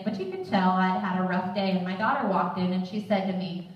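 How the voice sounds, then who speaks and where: A woman's voice: mid-range voice, quick pace, a little mellow, muffled recording. A woman giving a sermon-style Bible teaching, talking earnestly and conversationally. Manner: earnest, conversational, quotes scripture. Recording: very echoey room from far off.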